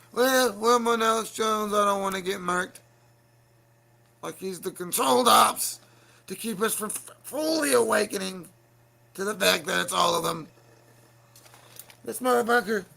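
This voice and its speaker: A man rants angrily on his own livestream, swearing freely and breaking into shouts. His voice sits high for a man, with a gravelly, fried edge. The tone is piercingly bright. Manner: angry, profane, bursts into shouting. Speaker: livestream show host. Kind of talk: heated solo livestream rant.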